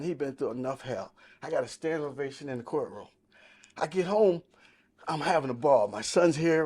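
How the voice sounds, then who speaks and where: A man's voice: on the high side, slightly rough. Sixty-year-old man telling his testimony. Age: 60s. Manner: emphatic storytelling, quoting others. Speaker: podcast guest. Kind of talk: testimony in casual talk.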